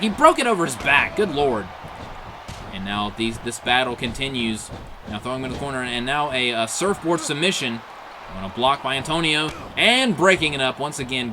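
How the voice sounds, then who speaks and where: A man calling wrestling matches play-by-play, excitable, packed with exclaimed "oh"s and chuckles at the big moments. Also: on the high side, noisy background. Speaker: play-by-play commentator.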